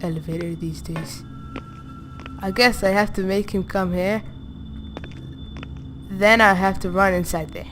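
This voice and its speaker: A woman's voice: medium pitch, steady tone, measured pace, long pauses, over music. A woman playing a horror game, talking to herself in jumpy, reactive commentary. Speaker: gaming channel host.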